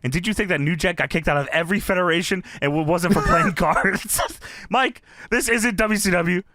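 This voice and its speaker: A man's voice: sits high, fairly quick, bright, forceful tone, no echo, clean studio sound. A man doing a brash, cocky male wrestler who swears and threatens opponents during a promo. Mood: cocky threatening.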